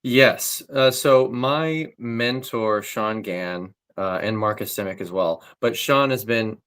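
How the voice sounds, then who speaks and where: A man's voice: fairly low pitch, slow, fairly bright tone, clean tone. A young man, a voice actor, talking casually in an interview, loose and full of fillers as he explains his craft. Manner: loose, filler-heavy, technical talk with frequent likes and ums. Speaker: voice actor guest.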